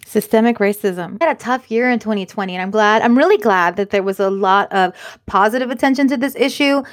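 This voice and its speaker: A woman co-hosting a casual podcast, telling an animated story full of "like" and "you guys". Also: medium pitch. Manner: animated storyteller, heavy use of "like". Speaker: podcast co-host.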